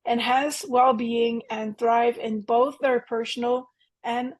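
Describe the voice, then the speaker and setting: A woman's voice: fairly high pitch, steady tone, slow pace, husky. A woman hosting an interview, introducing her guest and asking questions with enthusiasm. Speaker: interview host.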